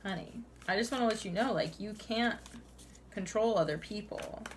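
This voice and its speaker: A woman's voice: mid-range voice, moderate pace, slight background noise. A young woman giving a casual tarot reading, chatty and full of "like"s, laughing often and calling the listener "honey". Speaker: tarot reader.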